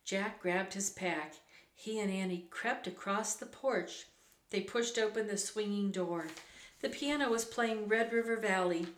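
Slow-reading woman in an echoey room. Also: medium pitch. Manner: unhurried reading with occasional self-corrections. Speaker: reader. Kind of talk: reading a children's book aloud. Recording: roomy echo.

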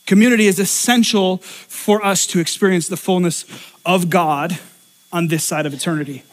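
A young adult man, a pastor, telling a comic story in a sermon with animated, self-deprecating delivery and frequent laughter. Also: high voice, normal speed.

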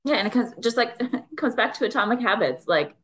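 A woman's voice: on the high side, expressive, brisk. A woman co-hosting a podcast, talking in an encouraging, reflective way. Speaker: podcast co-host. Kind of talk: casual chat.

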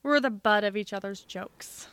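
Smooth-voiced young woman telling stories. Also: medium pitch, normal speed, a bit bright, no echo. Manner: chatty, sarcastic storytelling. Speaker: podcast co-host. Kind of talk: casual chat.

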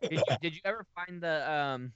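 A man in a casual group chat, animated and quick to laugh, teasing his friends. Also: fairly high pitch, clear, resonant tone, no echo, highs cut off.

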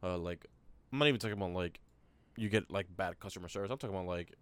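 A man co-hosting a podcast in casual chat, easygoing and quick to agree. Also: low-pitched, fairly bright tone, clear, resonant tone. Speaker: podcast co-host.

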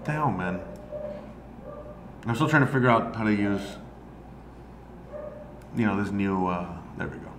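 A man's voice: lowish voice, lively intonation, a little slow, long pauses. A man, an amateur comedian streaming, ranting casually and profanely and rambling with many fillers. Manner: rambling, heavy on "you know" fillers. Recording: roomy echo, faint background noise.

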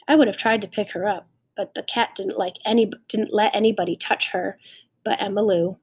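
A woman narrating an audiobook in a steady, measured storytelling manner. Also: mid-range voice, breathy edge.

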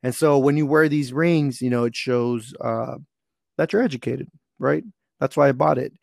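A man's voice: medium pitch, moderate pace, vocal fry, no echo, studio quality. A young man from Texas telling a rambling, profane story in casual podcast chat. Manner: rambling, profane, animated retelling.

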